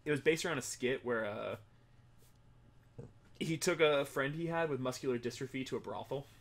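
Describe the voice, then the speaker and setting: A man's voice: medium pitch, normal speed. A man co-hosting a let's play in casual commentary, rambling through a story with frequent swearing. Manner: rambling, profane, laughing asides.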